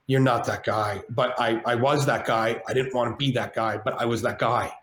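A man guest on a podcast, telling a personal story in casual chat, animated and swearing freely, acting out the voices of others. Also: mid-range voice, brisk, a little hiss or hum. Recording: roomy echo with faint ambience.

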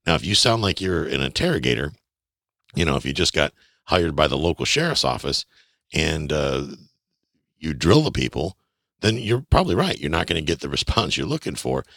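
A man teaching real estate investing in a folksy, animated way, often acting out dialogue. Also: very deep voice, normal speed, creaky, no echo, studio quality. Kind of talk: instructional talk.

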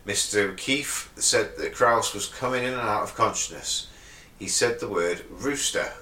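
A man's voice: on the low side, moderate pace, pushed and bright. Man reading weird news, roomy echo. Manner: reads stories aloud, breaks into giggles. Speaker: podcast co-host reading news. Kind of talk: casual chat reading news stories aloud. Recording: echoey room, slightly distant mic.

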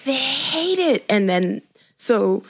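A woman's voice: fairly high pitch, big pitch swings, slow pace, gravelly, husky. A woman whose English carries a shifting French accent, between Quebecois, Franco-Ontarian and Parisian, chatting casually, restarting often and laughing. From Canada. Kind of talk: casual chat.

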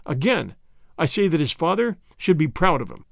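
Frontier leader, storybook: man reading as a hearty, emphatic commander, lively delivery. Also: on the high side, normal speed, vocal fry, no echo, clean studio sound, full character voice. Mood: praising. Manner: emphatic and praising. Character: hearty older frontier leader, warm and admiring.

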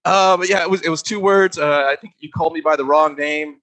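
A man guest on a podcast, animated and laughing often as he tells stories from a past job on set. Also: fairly high pitch, fairly quick, low-quality recording. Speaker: guest, former stand-in. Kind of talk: casual podcast chat.

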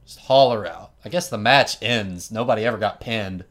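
A man hosting a podcast, telling a story in an animated, wry, casual way and laughing often. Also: fairly low pitch, moderate pace. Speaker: podcast host.

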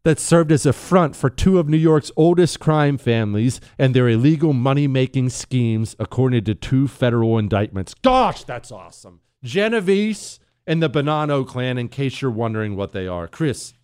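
A man hosting a talk radio show, delivering an opinionated monologue with sarcastic asides and sudden playful jumps in pitch. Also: moderate pace, hardly any pauses, clear, resonant tone, dry recording. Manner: sarcastic, animated, jumps to a high playful voice when joking.

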